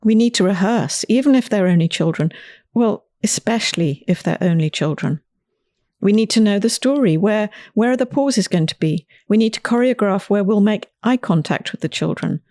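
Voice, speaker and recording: A woman host and author telling a personal story in a scripted, lively reading style. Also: mid-range voice, moderate pace, no room sound.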